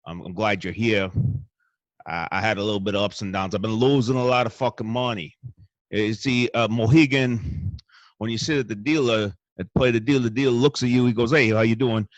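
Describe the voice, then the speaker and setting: A man's voice: fairly low pitch, steady tone, a little fast, dry recording. A man guest-hosting a show with a crude, rambling and boastful comic monologue from a hotel room. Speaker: stand-in host.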